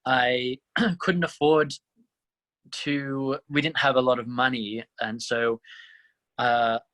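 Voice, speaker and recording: Young male actor, twenties, lively guest who laughs a lot. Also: medium pitch. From Australia (Tasmania). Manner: animated, laughs often, quick bright laugh. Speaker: musical theatre actor, guest. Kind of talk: casual interview chat.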